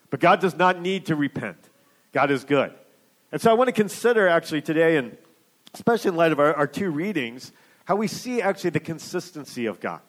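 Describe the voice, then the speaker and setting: Man, pastor, sermon, fairly high voice, casual and hesitant, many fillers. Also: fairly bright tone. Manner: conversational, hesitant with frequent fillers, keeps asking "right?".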